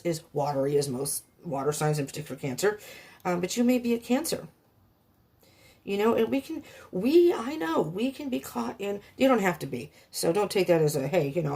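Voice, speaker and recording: A woman with a lowish, slightly mellow voice and a breathy edge gives her viewers a casual tarot reading. She rambles and gets emotional, frequently muttering to herself as she flips cards over.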